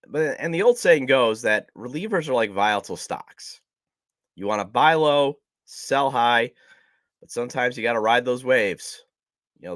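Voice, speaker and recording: A man's voice: mid-range voice, fairly bright tone, no room sound, clean studio sound. A man hosting a casual sports podcast, chatty and self-deprecating, his voice nasal from a cold. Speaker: podcast host.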